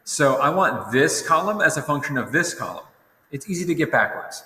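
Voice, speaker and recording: A man's voice: on the high side, sing-song, normal speed, bright, forceful tone. Tired man teaching in a roomy echo. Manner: casual, rambling, self-correcting. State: tired, yawning. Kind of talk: recorded lesson walkthrough. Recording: roomy echo with long reverb.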